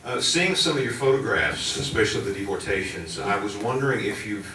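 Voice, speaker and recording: A man with a lowish, bright voice asks a question from the audience at a college talk, polite and a little halting. He is picked up from far off in a large echoey hall with faint noise behind. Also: lively intonation. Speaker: history teacher asking a question.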